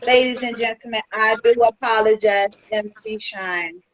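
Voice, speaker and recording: A woman's voice: on the high side, moderate pace, slight background noise, rough recording. A woman in her forties with a Chicago accent, hosting a podcast interview politely. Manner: apologetic, polite. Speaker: podcast host. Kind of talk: casual interview chat.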